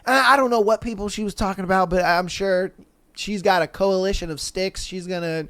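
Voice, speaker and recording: A young man co-hosting a podcast, telling a story in casual chat, animated, swearing freely and acting out voices. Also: sits high, brisk. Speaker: podcast co-host.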